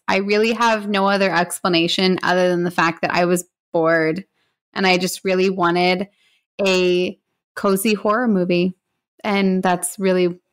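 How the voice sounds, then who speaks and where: A woman co-hosting a movie podcast, giving frank, measured opinions in casual chat. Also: on the low side. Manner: candid and measured. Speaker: podcast co-host.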